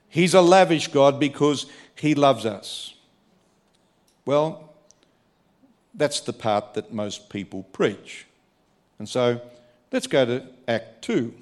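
Emphatic preacher man. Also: medium pitch. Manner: emphatic, swings from quiet asides to raised preaching. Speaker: pastor. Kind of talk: sermon.

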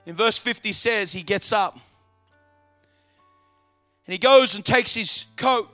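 High, bright, gravelly preacher man. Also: takes it slowly, soft background music. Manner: dramatic, swinging from hushed to loud. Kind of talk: sermon.

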